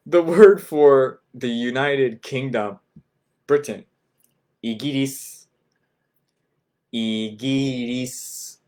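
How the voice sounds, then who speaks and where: Slow, patient man teaching. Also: medium pitch, darkish tone. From United States. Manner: repeats words slowly, checks in with "right?" and "okay?". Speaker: language teacher. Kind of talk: slow, patient vocabulary lesson.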